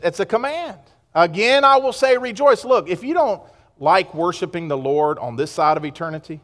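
A male pastor from the United States, preaching a sermon with passion and moving between loud exhortation and hushed asides. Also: sits high, animated, normal speed. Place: church sanctuary. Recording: long reverb of a large hall.

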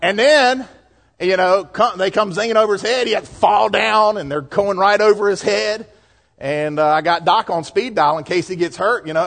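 A middle-aged man with a Southern US accent, a pastor preaching a sermon in a folksy, lively way with asides and jokes. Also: high voice, moderate pace, gravelly.

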